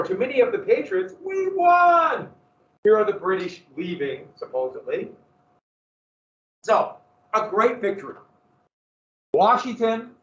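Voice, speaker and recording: Animated male teacher in an echoey classroom. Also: sits high. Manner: animated storytelling, asks the class questions. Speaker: history teacher. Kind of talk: classroom lecture. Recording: roomy, distant, dull classroom recording.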